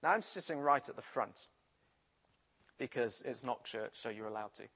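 A man's voice: medium pitch, normal speed, a little hiss or hum. A man from the English Midlands with a Midlands accent, preaching and telling a personal story from his school days. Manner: storytelling, animated retelling.

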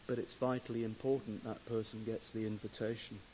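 A man preaching a sermon with measured, deliberate pauses, who swells to emphatic loudness when he reads scripture. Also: on the low side, flat delivery, a little hiss or hum, poor audio. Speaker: pastor.

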